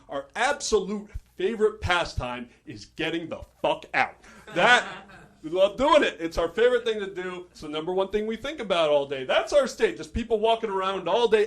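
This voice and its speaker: A man's voice: fairly high pitch, fairly bright tone. A young man from New Jersey doing a stand-up comedy set on a club stage, wry and self-deprecating, with hesitant asides.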